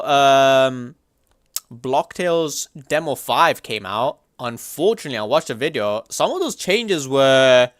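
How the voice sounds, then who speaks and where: A young man livestreaming, chatting casually and reacting to chat in a slangy, animated way. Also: medium pitch, dry recording, studio quality.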